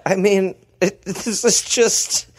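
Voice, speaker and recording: A man co-hosting a comedy podcast, riffing in casual banter with quick joking asides. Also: high-pitched, fairly even intonation. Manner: joking riffs with quick pop-culture cracks. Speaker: podcast co-host.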